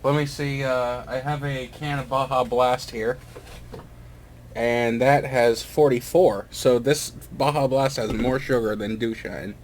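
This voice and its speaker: A man's voice: medium pitch, fairly even intonation, measured pace. A young man chatting casually and hesitantly, with many fillers and self-deprecating asides, while tasting a drink at home. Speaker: hobbyist vlogger. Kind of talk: casual rambling chat. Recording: noisy home recording with clinking.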